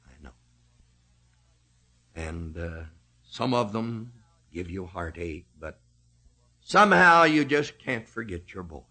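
A man preaching a sermon, slow and emphatic, rising and falling sharply in pitch and loudness.

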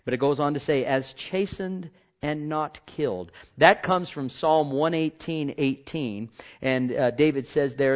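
A pastor preaches a sermon in a fairly high voice at a measured pace, swinging from loud declarations to hushed asides and pressing listeners with rhetorical questions. The recording is dull and lo-fi.

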